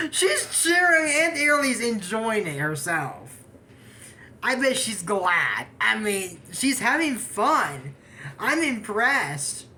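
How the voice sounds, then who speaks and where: A woman's voice: on the high side, very animated, very slow, sharp tone, slight background noise. A woman casually recapping a cartoon episode, rambling off on tangents and giggling often. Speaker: anime episode reviewer.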